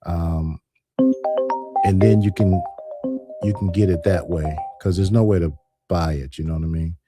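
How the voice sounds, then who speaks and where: A man's voice: deep voice, steady tone, normal speed, loud music behind the voice. A man hosting a call-in radio show, laid-back and agreeable with his callers.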